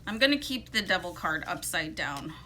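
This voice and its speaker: A woman's voice: fairly low pitch, very animated, moderate pace, pushed and bright, slight background noise. A woman giving a casual, chatty tarot reading, informal and playful, with frequent fillers and asides. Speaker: tarot reader.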